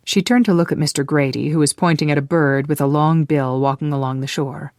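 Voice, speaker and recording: An audiobook narrator reading a romance novel in an even, measured way. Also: medium pitch, dry recording, clean studio sound. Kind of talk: scripted narration.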